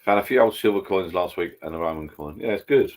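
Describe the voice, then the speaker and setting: A man's voice: low-pitched, fast talker, a little mellow. A man hosting a live stream, chatting casually and rambling over beers, swearing freely as he talks to viewers.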